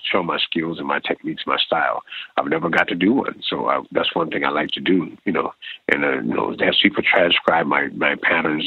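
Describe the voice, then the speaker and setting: Deep gravelly man on a phone line. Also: no room sound. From United States. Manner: emotional, halting, many restarts. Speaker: drummer guest. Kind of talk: phone interview.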